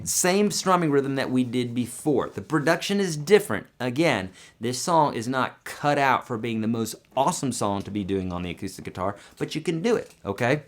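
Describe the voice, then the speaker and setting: A man teaching a song on guitar in a live stream, talking casually and breaking into sung lines. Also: mid-range voice. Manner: casual, chatty explaining with sung demo lines. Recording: loud guitar playing behind voice.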